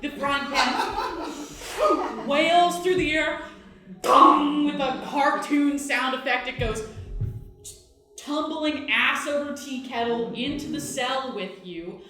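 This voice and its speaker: A woman's voice: sits high, takes it slowly, soft background music. A woman narrating a live improv tabletop game as dungeon master, playful and laughing as she goes. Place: live theater stage. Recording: echoey stage, loud room noise.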